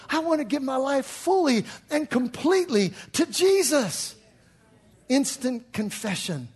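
Older male pastor, very high husky voice, lively preaching that dips soft and rises to shouts. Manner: animated preaching, swings from hushed to shouting. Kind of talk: sermon.

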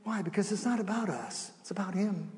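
A middle-aged man preaching a sermon as pastor, animated, shifting between soft and loud with acted asides. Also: sits high, a little fast, big-room sound. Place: church sanctuary.

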